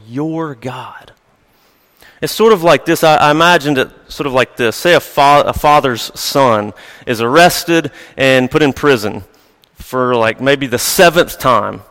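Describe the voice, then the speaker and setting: A man of middling pitch preaches a sermon in an easy, conversational storytelling manner, chuckling lightly now and then. His voice rings out with a long reverb tail, as if heard across a large church hall. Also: moderate pace, fairly bright tone, clean tone. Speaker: pastor.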